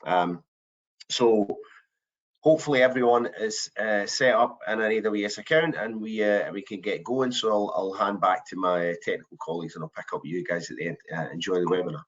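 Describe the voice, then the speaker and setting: A man's voice: lowish voice, brisk, a bit bright. A man hosting a business webinar, hesitant, with frequent ums and restarts. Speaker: webinar host. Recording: dull lo-fi online call audio.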